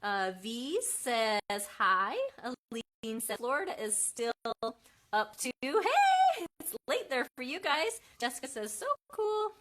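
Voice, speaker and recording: A woman's voice: a little high, animated, a little slow, sharp tone. A woman hosting a casual live craft demonstration at home. She chats loosely, reads out viewer comments, and corrects herself with frequent ums. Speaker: craft livestream host and mother. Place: at home with her kids.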